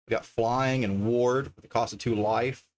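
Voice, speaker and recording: A man's voice: medium pitch, fairly even intonation, normal speed. A man casually chatting on a livestream as he opens card packs, reading card names aloud and easily delighted by the art. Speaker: streamer opening card packs.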